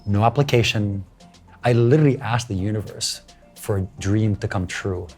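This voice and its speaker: A man's voice: fairly low pitch, normal speed, breathy edge, faint music behind. A middle-aged man from the Philippines, a guest in an interview, telling his story in English with Tagalog phrases mixed in and acting out what other people said. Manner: animated, acts out other people's lines.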